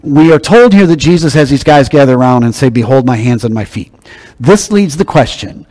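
A man's voice: mid-range voice, lively intonation, fairly quick, a little mellow. A man preaching a sermon, teaching in a conversational, emphatic way. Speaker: pastor.

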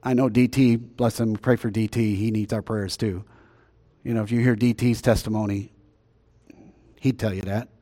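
A man preaching a sermon as pastor, conversational, swinging between loud emphasis and quiet asides. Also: fairly low pitch. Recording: long reverb.

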